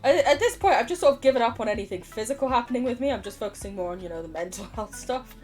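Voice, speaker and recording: British woman streamer, young, higher voice with lots of swing, chatty and tangential. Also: lively intonation, rapid-fire, a little mellow, faint music behind. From United Kingdom. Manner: chatty, goes off on tangents, laughs often. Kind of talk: casual livestream chat while gaming.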